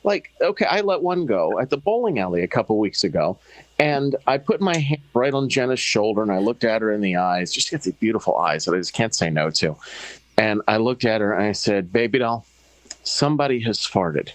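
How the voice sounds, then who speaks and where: A man's voice: lowish voice, animated, fairly quick, no echo, low-quality recording. A man in his forties, a guest, telling exaggerated comic anecdotes in a casual chat. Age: 40s.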